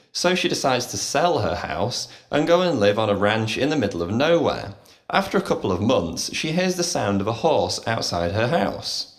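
A man reading short jokes and stories aloud in a clear, expressive manner. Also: fairly low pitch. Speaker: storyteller. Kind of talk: scripted story narration for English learners.

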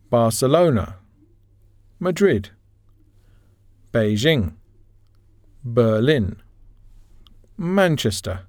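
Slow, careful male lesson narrator. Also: mid-range voice, darkish tone, no room sound, studio quality. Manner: slow, carefully enunciated dictation. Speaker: course audio narrator. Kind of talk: scripted pronunciation lesson narration.

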